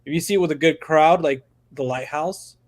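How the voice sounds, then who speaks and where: A man's voice: fairly high pitch, moderate pace. A man co-hosting a podcast, talking in a laid-back, slangy way with plenty of fillers in casual chat. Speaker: podcast co-host.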